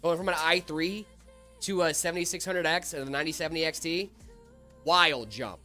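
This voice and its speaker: A man's voice: a little high, fast, faint music behind. Easygoing guy hosting a tech stream. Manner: joking, relaxed, answers chat questions. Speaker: tech livestream host. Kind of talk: casual livestream chat.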